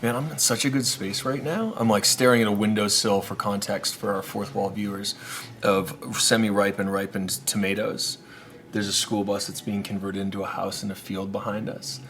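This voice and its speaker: Low-voiced man with a drifting accent. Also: normal speed, slight background noise. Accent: mixed, shifts between places. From Canada (Maritimes, Nova Scotia). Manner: animated, laughs often, swears casually. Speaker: guest. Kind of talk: casual conversational interview.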